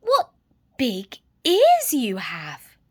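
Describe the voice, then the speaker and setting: A woman's voice: high voice, wildly swooping pitch, bright, forceful tone, pitched above the performer's own voice, full character voice. A woman doing a wondering little girl. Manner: slow, wondering. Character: careful young girl in a red hood.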